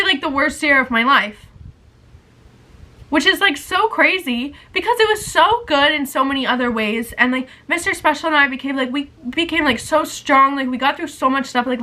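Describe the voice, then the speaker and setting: A woman's voice: sits high, bright, forceful tone, poor audio. A young woman in her twenties vlogging, chatting in a rambling, emotional, confessional way with lots of "like". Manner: rambling, heavy use of "like", emotional. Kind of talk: casual confessional chat.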